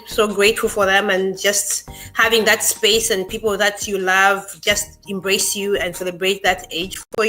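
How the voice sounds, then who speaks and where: A woman's voice: mid-range voice, bright, forceful tone, poor audio. A woman in her forties, a talk show guest, speaking reflectively and gratefully in casual conversation, often restarting her sentences. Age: 40s. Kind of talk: casual chat.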